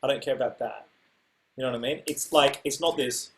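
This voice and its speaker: A man teaching music in a casual way, stepping through rhythms by voicing them on repeated syllables with loud and soft accents. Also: mid-range voice, a little fast. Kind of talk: casual instructional talk.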